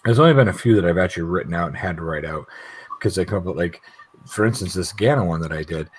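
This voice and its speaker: A man's voice: low voice, quick pace, a little hiss or hum, low-quality recording. A middle-aged man rambling and laughing in casual chat on a video call, swearing freely. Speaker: guest YouTube creator.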